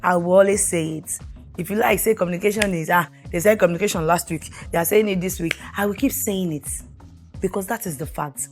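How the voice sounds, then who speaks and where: A woman's voice: fairly low pitch, fairly quick, a little mellow, soft background music. A middle-aged woman, hosting a talk show and giving earnest, preachy marriage advice while putting questions to the listener.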